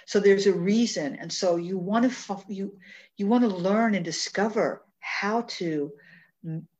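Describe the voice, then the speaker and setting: A woman's voice: medium pitch, a little slow, darkish tone, muffled recording. A woman hosting a spiritual talk, speaking in an earnest, affirming way and often repeating phrases. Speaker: host, numerology speaker. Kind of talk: spiritual talk show chat.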